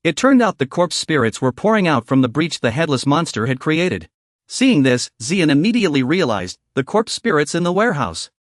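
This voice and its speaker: Lively male recap narrator, dry sound. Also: fairly high pitch, normal speed, dry recording.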